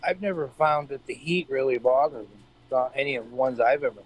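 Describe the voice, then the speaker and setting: A man's voice: mid-range voice, fairly quick, slight background noise, poor audio. An American man chatting casually on a live stream, making blunt offhand remarks.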